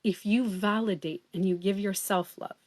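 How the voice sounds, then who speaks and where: A woman's voice: medium pitch, steady tone, moderate pace, darkish tone. A woman hosting a casual livestream, talking earnestly and full of fillers. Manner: chatty and earnest, many fillers like "like" and "you know". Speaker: livestream host and beauty coach.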